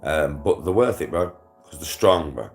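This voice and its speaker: With faint music in the background, a young British vlogger chats loosely with viewers, laughing a lot and using plenty of slang and swearing. He has a very deep voice with vocal fry and lively intonation, speaking at a normal speed.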